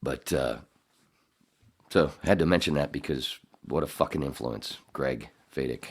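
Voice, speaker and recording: A man's voice: a bass voice, moderate pace, slightly rough. A middle-aged man hosting a podcast in casual chat, rambling and swearing, often laughing. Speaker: podcast host.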